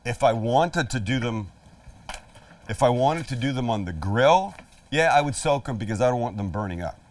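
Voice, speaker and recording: A man's voice: mid-range voice, expressive, moderate pace, dry recording. A middle-aged man hosting a casual cooking demonstration, chatty and joking as he talks the viewer through each step. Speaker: cooking show host. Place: outdoor kitchen at a flat-top grill. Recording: voice a little far from the mic, faint sizzle. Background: sizzling food on the grill.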